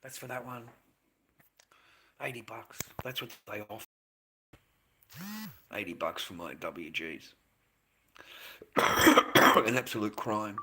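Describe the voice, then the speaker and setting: An older Australian man rants on a casual livestream in a gravelly, husky voice. He is blunt and swears freely, circling back over the same complaints again and again. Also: lowish voice, sharp tone.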